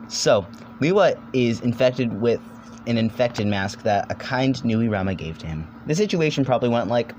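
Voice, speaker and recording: This young man's voice is medium-pitched, expressive, and slightly dark as he rambles through a jokey video essay. He swears now and then and does fast silly voices, with a little background hiss or hum.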